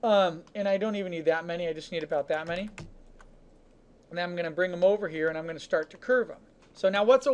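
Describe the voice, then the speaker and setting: A man teaching a 3D modeling class, talking casually through each step of a software demonstration with chatty asides. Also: high-pitched. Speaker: 3D modeling instructor. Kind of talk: live software demonstration lesson.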